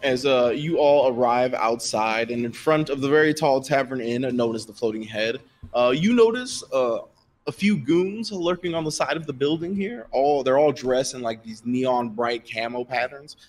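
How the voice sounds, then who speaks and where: A man's voice: mid-range voice, moderate pace. A man narrating a tabletop game as game master in a casual, rambling way. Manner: casual, filler-heavy narration.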